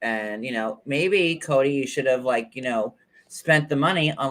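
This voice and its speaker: A man hosting a casual gossip chat, telling stories in an animated, theatrical, campy way. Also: medium pitch, normal speed. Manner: animated, camp, theatrical storytelling. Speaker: show host.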